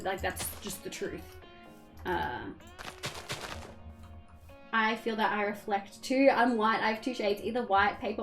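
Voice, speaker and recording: A woman's voice: medium pitch, a bit bright. Chatty Australian woman streaming a game. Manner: chatty, candid, swears casually, reads chat aloud. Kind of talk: casual chat while gaming.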